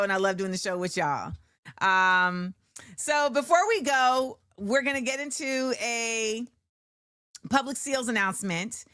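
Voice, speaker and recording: A woman's voice: fairly high pitch, no room sound, clean studio sound. A middle-aged woman hosting a talk show, chatting casually and animatedly. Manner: animated, chatty, laughs often.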